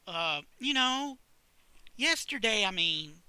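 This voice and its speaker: A man's voice: sits high, sing-song, bright, forceful tone, clear, resonant tone, no echo, voice pushed up, heavily acted. A man voicing a nervous, flustered young woman who stammers and halts. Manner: stammering, halting.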